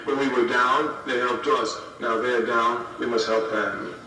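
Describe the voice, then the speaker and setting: This political speech to students comes from a man in his fifties, emphatic and fond of repeating key phrases. His mid-range voice is steady, bright, and forceful at a measured pace. The archival audio sounds roomy and far off, with a faint hiss.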